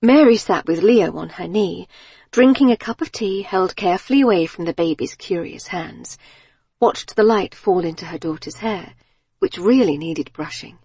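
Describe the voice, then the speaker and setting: Breathy woman narrating a story. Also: lowish voice, lively intonation, normal speed, mellow, no room sound, studio quality. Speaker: audiobook narrator. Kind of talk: scripted narration.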